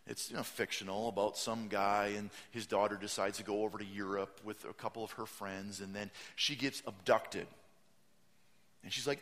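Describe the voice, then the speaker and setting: In his sermon, a pastor tells stories with animation, voices the quotes himself, and shouts for emphasis. His lowish voice holds a steady tone at a brisk pace.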